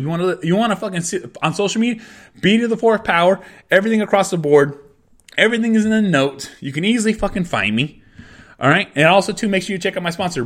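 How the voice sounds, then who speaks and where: A middle-aged man with a high-pitched voice rants on his own podcast. He is angry and swears in nearly every sentence, circling back to the same complaints again and again. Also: a bit bright. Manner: angry, swearing constantly, repeating himself. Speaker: podcast host. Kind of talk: profane solo rant.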